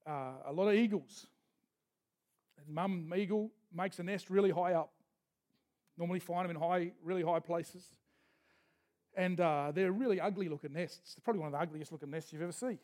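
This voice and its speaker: High-voiced man preaching. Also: darkish tone. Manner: storytelling with folksy asides and restarts. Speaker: pastor. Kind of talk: sermon.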